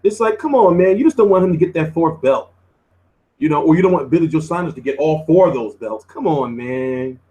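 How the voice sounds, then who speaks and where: A man's voice: fairly high pitch, lively intonation, a little fast, dark tone, highs cut off. Slangy boxing vlog guy, chill and chatty, voice bouncing up and down. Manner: laid-back, chatty, slangy. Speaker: boxing news host. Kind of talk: casual commentary.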